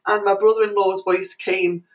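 A middle-aged woman, an interview guest, telling a story in an animated way with many restarts and fillers. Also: mid-range voice, moderate pace, a little hiss or hum, rough recording.

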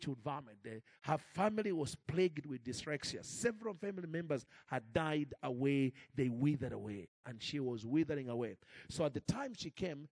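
A man preaching and telling a story in an animated way, with frequent restarts and repeated words. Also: on the high side, no echo. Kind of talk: sermon storytelling.

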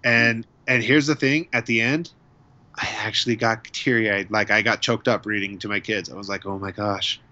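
Bright-voiced man gushing in casual chat. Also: lowish voice, fairly even intonation, normal speed, muffled recording. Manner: enthusiastic, gushing. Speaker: podcast co-host.

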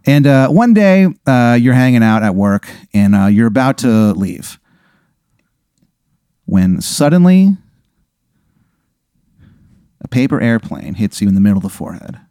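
A male podcast host telling an improvised comedic story, animated and full of fillers and swearing. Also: mid-range voice, a little slow, long pauses, no room sound, clean studio sound.

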